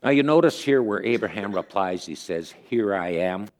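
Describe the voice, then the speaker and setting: Deep-voiced man preaching conversationally. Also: lively intonation. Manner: storytelling, earnest, thinks aloud with pauses. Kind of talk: conversational sermon.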